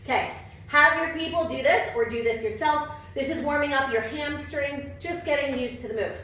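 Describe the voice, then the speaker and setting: A woman's voice: high-pitched, normal speed, pushed and bright, very echoey, far from the mic, poor audio. A woman teaching a Pilates move at home in a chatty, casual way, out of breath and swearing now and then. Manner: chatty, swears casually, talks to her cat. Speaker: Pilates instructor. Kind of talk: casual home workout tutorial. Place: home studio with mirror.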